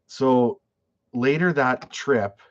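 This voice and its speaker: A man's voice: medium pitch, extremely slow. A man, a fishing guide, chatting casually on a live stream, telling stories with many restarts and fillers. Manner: rambling storyteller with many restarts and "like". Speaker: fishing guide and YouTuber hosting a live chat. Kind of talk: casual live-stream chat, reading viewer questions. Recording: dull, lo-fi, dry sound.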